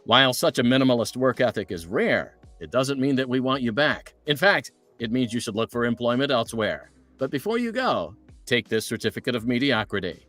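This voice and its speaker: A man's voice: mid-range voice, expressive, fairly quick, hardly any pauses, fairly bright tone, faint music behind, lightly acted. A man voicing a sardonic male robot announcer and reading its mocking, formal lines. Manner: dry, mocking formal delivery.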